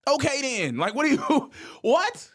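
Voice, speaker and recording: A man's voice: very high voice, very animated, a little slow, fairly bright tone. A man co-hosting a sports talk show, ranting and mock-quoting others in casual slang. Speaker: podcast co-host.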